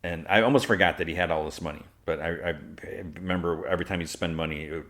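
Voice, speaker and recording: A man's voice: sits low, fairly even intonation, fast, a bit bright. A man hosting a podcast, recapping an episode in a casual, rambling way with lots of fillers and restarts. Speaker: podcast host.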